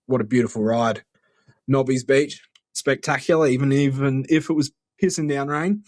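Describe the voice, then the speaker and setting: A man's voice: mid-range voice, moderate pace, a little mellow. An Australian man calling in to tell a casual, swear-heavy story. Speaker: caller. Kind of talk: recorded phone-in story.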